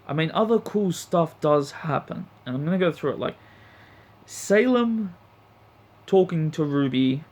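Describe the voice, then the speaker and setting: A man's voice: fairly high pitch, animated, unhurried, a little mellow. A man reviewing an anime episode in a blunt, profane, heated rant. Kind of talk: ranting review vlog.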